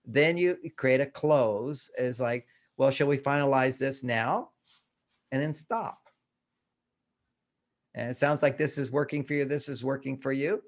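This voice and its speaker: An older man with a gravelly, creaky voice at a middle pitch, speaking as an interview guest. He talks in a loose, animated way, acting out quoted lines and chuckling as he goes. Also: unhurried. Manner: animated storytelling, acts out quoted dialogue, laughs often. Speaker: guest, relationship author. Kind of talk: conversational interview.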